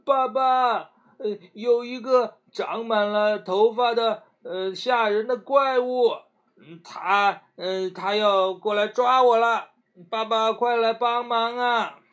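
Impish little boy, high and slow like a bedtime storybook, as a man puts him on. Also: sing-song, dull audio, heavily acted. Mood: yelling. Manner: slow, exaggerated storybook reading voice. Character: mischievous little boy who won't sleep.

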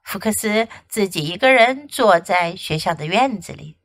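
A woman from China, a children's English teacher and host, reading a picture book aloud in a gentle, sing-song way. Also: medium pitch, lively intonation, moderate pace, no echo. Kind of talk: bilingual storybook reading.

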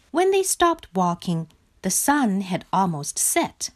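A woman reading a children's picture book aloud in a slow, clear and expressive way. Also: medium pitch. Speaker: storybook reader.

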